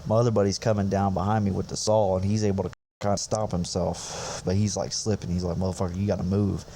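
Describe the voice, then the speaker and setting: Deep-voiced, profane young man telling stories. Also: little pitch movement, brisk, dark tone, slight background noise. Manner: profane, laid-back, rambling. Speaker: podcast host, infantry soldier. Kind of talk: casual storytelling.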